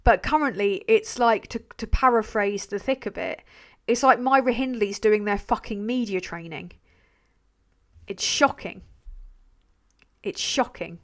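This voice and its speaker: A woman's voice: medium pitch, a little slow. A woman hosting a live stream, talking bluntly with frequent swearing, rambling between points and reading out viewer messages. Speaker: livestream host.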